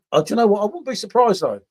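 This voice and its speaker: A man's voice: high voice, darkish tone, slightly rough. A man hosting a casual beer review livestream, chatting with viewers by name and tagging questions onto his sentences. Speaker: beer review channel host.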